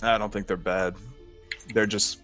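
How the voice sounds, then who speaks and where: A man's voice: on the low side, little pitch movement, unhurried, a bit bright, faint music behind. A man in a tabletop game over voice chat, reasoning aloud in an easygoing way. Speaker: player. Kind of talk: casual tabletop role-play over voice chat.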